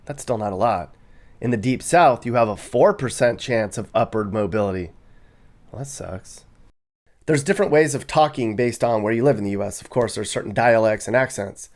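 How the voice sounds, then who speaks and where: A man's voice: mid-range voice, moderate pace, darkish tone. Wry young man riffing on maps. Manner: wry, sarcastic, chuckles often. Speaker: vlogger. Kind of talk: casual commentary on maps.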